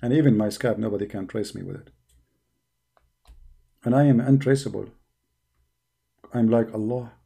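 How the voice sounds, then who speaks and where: Sarcastic mellow-voiced man taunting. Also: medium pitch, moderate pace, creaky, pauses often, slightly rough. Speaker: online debater. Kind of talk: mocking stream monologue.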